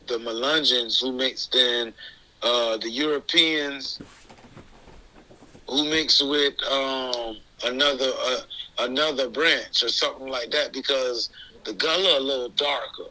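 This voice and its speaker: A man's voice: medium pitch, unhurried, pushed and bright, rough recording. A man as an interview guest, talking casually in a loose, rambling way with many restarts and bits of slang. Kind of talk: casual conversation.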